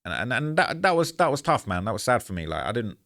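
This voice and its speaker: He's a YouTuber telling a story to camera, his mid-range voice a bit bright and sing-song as he talks fast. The monologue is casual and rambling, frustrated but earnest, with lots of "man" and "bro."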